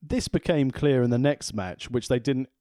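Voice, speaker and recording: A man's voice: mid-range voice, moderate pace, warm tone, dry recording. A man co-hosting a casual wrestling podcast, recapping with dry, wry humor. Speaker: podcast co-host.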